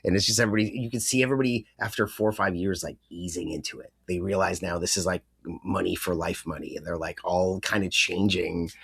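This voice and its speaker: A young man co-hosts a casual podcast, rambling through his points with plenty of fillers and the odd curse. His voice sits on the low side. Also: fairly even intonation, fast, vocal fry, a bit bright, slightly rough. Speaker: podcast co-host. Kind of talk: casual chat.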